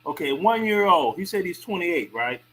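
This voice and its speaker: A man in a casual panel discussion, reacting with animated disbelief. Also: high-pitched, a crowd in the background, low-quality recording. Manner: animated, incredulous, quick reactions.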